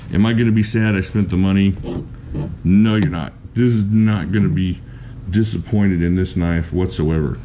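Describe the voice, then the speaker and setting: Enthusiastic low-voiced man reviewing a knife. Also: warm tone, slight background noise. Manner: enthusiastic, chatty, laughs often. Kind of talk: casual product review.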